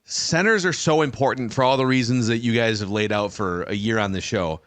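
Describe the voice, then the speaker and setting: A man hosting a podcast asks his guests curious, relaxed questions. His voice sits at a middle pitch, and the sound is dry and close to the mic. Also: fairly quick, no echo. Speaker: podcast host. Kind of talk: casual interviewing chat.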